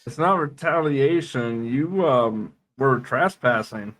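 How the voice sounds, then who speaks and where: A man's voice: mid-range voice, lively intonation, slow, fairly bright tone. A man co-hosting a casual podcast, acting out little scenes and swearing. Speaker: podcast co-host.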